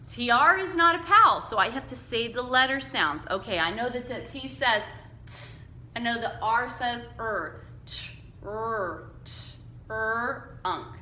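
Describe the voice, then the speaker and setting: A woman teaching a phonics lesson to young children, slowly and patiently sounding out letters and word chunks for them to repeat. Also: on the high side, pushed and bright, roomy sound, a little hiss or hum. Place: classroom with whiteboard.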